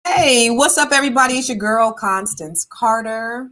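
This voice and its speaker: Chatty fast-talking woman host. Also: a little high, fairly bright tone. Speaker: podcast host. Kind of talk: casual chat.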